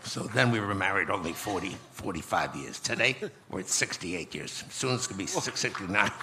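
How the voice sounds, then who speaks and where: A man in his eighties telling a personal story slowly and reflectively as a guest in a conference interview, often restarting his phrases. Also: sits low, expressive, very noisy. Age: 80s. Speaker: guest speaker.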